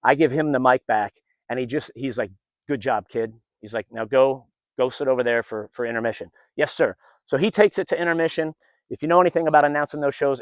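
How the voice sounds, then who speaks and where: A middle-aged man outdoors, telling a personal story in a casual, animated way and acting out what others said. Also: mid-range voice, no echo. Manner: animated, acts out what others said, many restarts. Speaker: vlogger and former event announcer.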